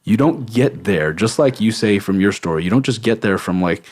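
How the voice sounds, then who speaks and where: Earnest man with a lowish voice hosting. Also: lively intonation, normal speed, a little mellow. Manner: reflective, earnest, many listening murmurs. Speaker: podcast host. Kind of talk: casual conversation.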